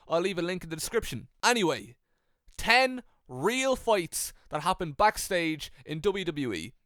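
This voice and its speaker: A young man narrating with dry, deadpan humor and casual swearing. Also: a little high, dry recording. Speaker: YouTuber.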